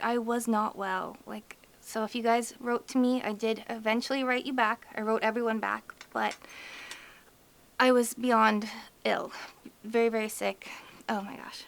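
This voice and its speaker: A woman's voice: mid-range voice, gravelly. A woman vlogger giving a candid, emotional personal update, chatty and full of "like" and "you know". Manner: emotional, fighting back tears.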